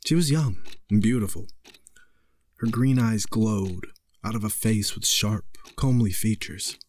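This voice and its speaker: A man narrating a horror story in a slow, measured way. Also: lowish voice, darkish tone.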